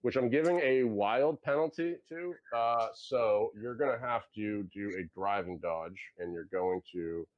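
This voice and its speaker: Man, game master, narrating a tabletop game, halting and filler-heavy, dull lo-fi sound. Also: on the low side.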